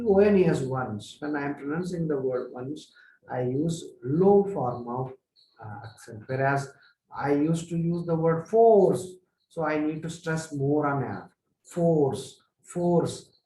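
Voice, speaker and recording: Indian male lecturer, slightly high voice, earnest and repetitive, echoey classroom sound. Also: mellow. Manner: earnest, repetitive explaining with many "uh" pauses. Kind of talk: spoken lecture. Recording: echoey room.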